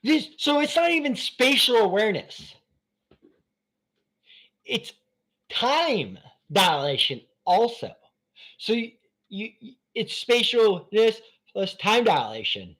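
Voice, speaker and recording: A man hosting a live stream from his phone, rambling between topics in an excitable, profane way. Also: high voice, slow, long pauses. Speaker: channel host.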